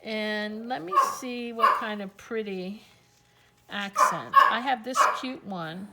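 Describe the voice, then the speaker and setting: A woman's voice: mid-range voice, slow, very noisy. A woman hosting a casual crafting tutorial, chatting and thinking aloud as she talks through each step.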